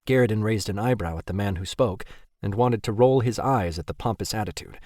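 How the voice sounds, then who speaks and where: A man narrating an audiobook in a steady, even storytelling manner. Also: fairly low pitch, a little fast, no room sound, clean studio sound.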